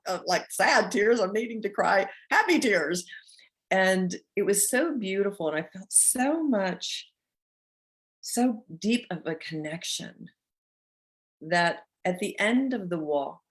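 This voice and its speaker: A middle-aged woman hosting a motivational talk, telling a personal story in an earnest, heartfelt way. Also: lowish voice. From North Georgia, USA. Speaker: host.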